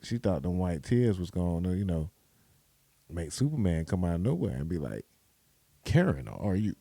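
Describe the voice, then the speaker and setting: A man's voice: low-pitched, big pitch swings, moderate pace, mellow, dry recording. Slangy podcast host man. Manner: loose, slangy, repetitive. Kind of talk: casual commentary.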